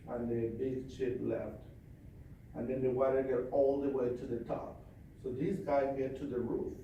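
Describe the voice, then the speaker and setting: A man leading a live training seminar, forceful and commanding, repeating his points as he tells a story. His voice echoes heavily around a large hall, caught from far away, with faint room noise behind. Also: medium pitch, steady tone, moderate pace, highs cut off.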